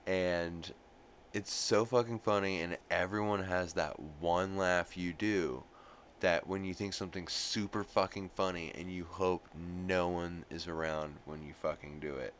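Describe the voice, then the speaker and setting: A man with a very deep voice rambles through an episode recap, swearing freely and filling pauses with ums and you-knows. A light hiss sits under the recording. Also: fairly even intonation, a bit bright. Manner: rambling, profane, full of fillers. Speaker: podcast host recapping an episode. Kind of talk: casual recap chat.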